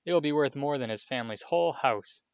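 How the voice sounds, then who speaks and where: Man playing a mean mocking schoolboy, scathing and loud, dull dry sound. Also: mid-range voice, a little fast, clean tone, no echo, voice pushed up, natural voice. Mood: sneering. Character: sneering, spiteful schoolboy bully.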